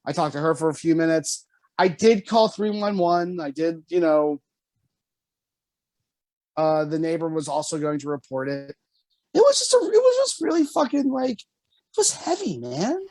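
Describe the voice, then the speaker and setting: A man telling a story on a casual podcast, animated and swearing often, jumping high when quoting himself. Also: normal speed, long pauses, no echo. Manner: animated, swears often, jumps to high pitch for quoted lines. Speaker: podcast co-host.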